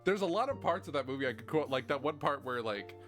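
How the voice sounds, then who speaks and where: A man streaming a game, reading the game's text aloud and rambling in a loose, chatty way, with plenty of filler words and light swearing. His voice sits at a middling pitch, and soft game music plays underneath. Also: expressive, quick pace. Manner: rambling, chatty, lots of "like" and restarts, mild swearing. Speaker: streamer playing a video game.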